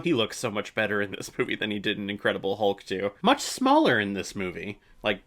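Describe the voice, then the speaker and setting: A man's voice: lowish voice, sing-song, brisk, hardly any pauses, a bit bright. A man hosting a casual movie reaction, chatty and opinionated, swearing now and then.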